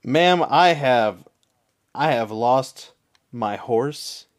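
A man's voice: mid-range voice, expressive, drawn-out words. A man voicing a flustered young rider who stammers apologies about a lost horse.

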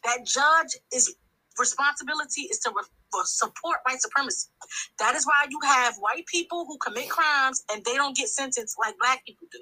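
A woman with a high, pushed, bright voice calls in to a talk show, heard on a low-quality recording. She speaks emphatically and at length, often restarting sentences as she delivers impassioned commentary.

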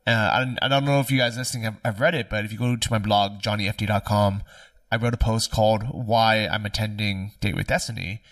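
A man's voice: lowish voice, fairly even intonation, brisk, fairly bright tone, no echo, studio quality, distant mic. A man hosting a podcast interview, asking curious questions in a casual, filler-heavy way. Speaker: podcast host.

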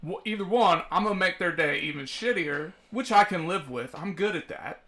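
A man's voice: high voice, expressive, moderate pace, pushed and bright. A man hosting a casual podcast, joking at his own expense and swearing freely. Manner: self-deprecating, swearing, joking. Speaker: podcast host. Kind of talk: casual chat.

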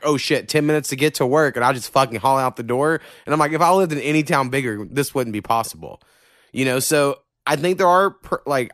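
Man, podcast host, profane and rambling, smooth resonant voice. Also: medium pitch, a bit bright, no echo, studio quality. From Oklahoma. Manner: loose, profane, filler-heavy storytelling. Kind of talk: casual chat.

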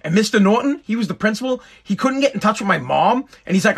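A man's voice: high-pitched, sing-song, fast talker, few pauses, fairly bright tone, breathy edge. A man telling an exasperated, profane stand-up story. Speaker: stand-up comedian.

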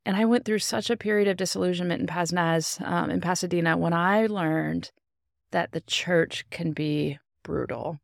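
A woman's voice: lowish voice, normal speed, vocal fry, no room sound, clean studio sound. A woman in her thirties, a pastor and podcast co-host, chatting reflectively and often agreeing. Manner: warm agreeing interjections, reflective. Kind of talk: casual theological chat.

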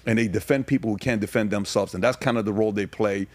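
A man with a fairly low voice speaks as a guest on a podcast. He tells stories in a casual way and then presses his point with pointed rhetorical questions. The sound is dry and close to the mic. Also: quick pace, dry recording. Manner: grows emphatic and rhetorical, firing questions; frequent fillers and restarts. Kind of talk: casual conversation, storytelling.

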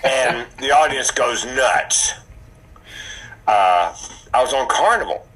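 A man who is a comedian, telling stories in a casual podcast chat with an animated, punchy delivery. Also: mid-range voice, takes it slowly, husky, poor audio. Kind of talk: casual storytelling.

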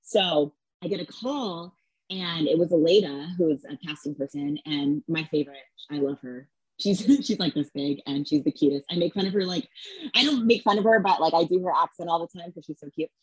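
Chatty thirties woman, lowish breathy voice, lots of likes and ums. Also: a little fast, no echo, rough recording. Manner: chatty, filler-heavy, acts out quotes. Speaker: guest. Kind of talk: casual storytelling.

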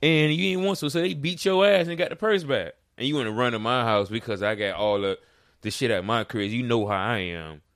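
Animated man telling a story. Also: medium pitch, fairly quick, no room sound, studio quality. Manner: animated storyteller, acts out quoted lines. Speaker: podcast co-host. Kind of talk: casual storytelling chat.

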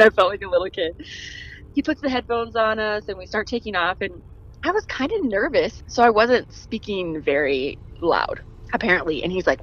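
A woman telling a story in a casual, animated way, laughing and imitating the people in it. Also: mid-range voice, fairly quick, highs cut off. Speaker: guest storyteller.

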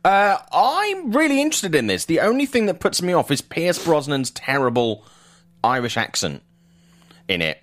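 A man's voice: on the high side, big pitch swings, normal speed, a bit bright. A man co-hosting a casual movie chat, enthusiastic and stumbling over his first words. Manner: enthusiastic, repeats words when starting. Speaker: podcast co-host.

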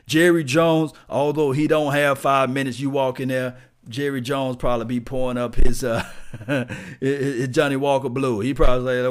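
A man hosting a casual live sports stream, talking loosely and repeating himself, chuckling and shouting out viewers. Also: medium pitch, normal speed. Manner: loose, repetitive, chuckling, reads out viewer names.

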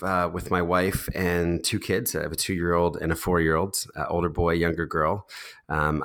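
Very deep-voiced man in his thirties. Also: fairly bright tone. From United States. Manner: thoughtful, with frequent ums, uhs and restarts. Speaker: interview guest. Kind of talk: conversational storytelling. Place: New York City.

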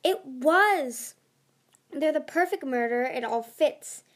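A woman's voice: high voice, expressive, slow, voice pushed up. A woman voicing a haughty, cruel female sea dragon queen who talks scornfully. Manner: scornful, snarling.

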